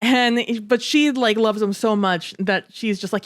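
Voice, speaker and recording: A woman co-hosting a casual book discussion podcast, chatty and animated, acting out characters' lines and swearing casually. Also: a little high, a little slow. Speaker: podcast co-host.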